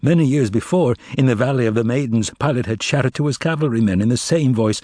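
A man reading a literary audiobook in a measured, dramatic way. His voice is husky and mid-pitched, recorded close and dry. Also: warm tone, no room sound. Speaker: audiobook narrator. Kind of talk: scripted literary narration.

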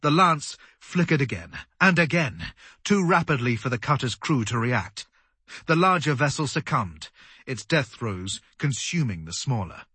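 Male narrator, dramatic storytelling, lively pitch, dry close sound. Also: unhurried, husky, no echo. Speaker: audiobook narrator. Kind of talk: scripted narration.

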